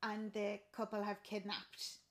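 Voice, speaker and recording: A woman's voice: medium pitch, monotone, a little slow, fairly bright tone. A sounding woman chatting casually, animatedly retelling a film's story and acting out the characters' lines. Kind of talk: casual chat retelling a film plot.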